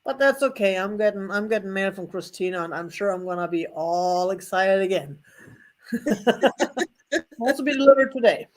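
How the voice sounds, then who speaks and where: A woman's voice: mid-range voice, expressive, moderate pace. A woman hosts a live vintage sale online, talking to viewers in a rambling, friendly chat. She laughs often and pokes fun at herself between comments on the items. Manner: chatty, laughs often, self-deprecating asides.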